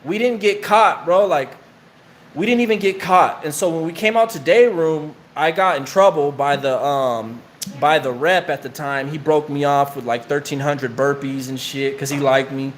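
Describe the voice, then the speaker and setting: At a moderate pace and on the high side, a man's voice relays loose, profane prison stories in slang as a friend draws on him. It's relaxed storytelling during a tattoo session.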